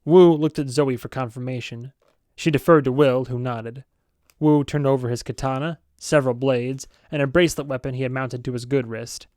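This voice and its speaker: A man narrating a novel as an amateur audiobook reader, steady and with self-aware asides. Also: medium pitch, normal speed, dry recording, studio quality.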